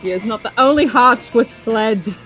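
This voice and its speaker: A woman's voice: on the high side, normal speed, fairly bright tone, soft background music, close to an everyday voice. A woman voicing a brooding, melodramatic male vampire, reading game dialogue aloud in a grandiose, theatrical way. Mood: mournful.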